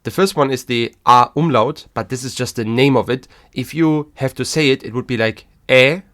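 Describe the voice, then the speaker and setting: A man hosting a language lesson podcast, talking in a calm, patient way. He leaves small pauses so learners can repeat after him. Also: mid-range voice. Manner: slow and patient, pausing between letters. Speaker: German teacher and podcast host.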